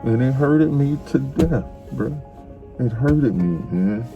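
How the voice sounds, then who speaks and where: A man's voice: mid-range voice, lively intonation, takes it slowly, creaky, narrow, tinny audio, soft background music. A middle-aged man, a father, crying as he tenderly tells his son he loves him, repeating himself often. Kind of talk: emotional family conversation.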